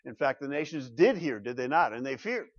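A man's voice: medium pitch, expressive, fairly quick. A middle-aged man preaching a sermon as pastor, emphatic, asking the congregation rhetorical questions. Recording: dull lo-fi sound.

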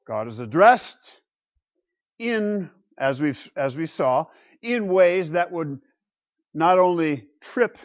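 Guy lecturing on the bible, emphatic, asks rhetorical questions, kinda muffled old recording. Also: mid-range voice. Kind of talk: classroom lecture on the Psalms.

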